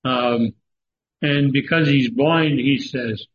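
A man teaching a Bible study lecture, halting often with fillers and stressing words for emphasis, on a dull lo-fi recording. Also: medium pitch, a bit bright. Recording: dull lo-fi recording with faint noise.

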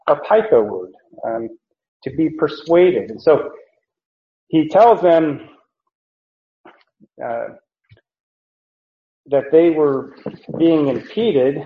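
A man teaching a Bible passage as a pastor, slow and deliberate, with many pauses and fillers. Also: on the high side, creaky. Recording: echoey room, dull lo-fi sound.

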